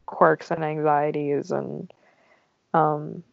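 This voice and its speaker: A young woman chats on a movie podcast, giggly and peppering every sentence with "like". Her low voice carries heavy vocal fry. The sound is dry, close and muffled. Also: little pitch movement, slow, dry recording. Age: young adult. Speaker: podcast co-host. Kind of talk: casual movie podcast chat.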